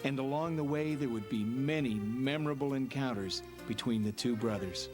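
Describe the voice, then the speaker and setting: A man giving measured, scripted documentary narration. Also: medium pitch. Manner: steady, measured storytelling. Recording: narration over music. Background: music.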